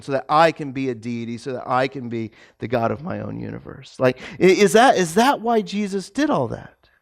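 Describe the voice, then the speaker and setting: High-voiced man preaching casually. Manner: casual, animated storytelling with many fillers and restarts. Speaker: pastor. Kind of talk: conversational sermon. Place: church sanctuary.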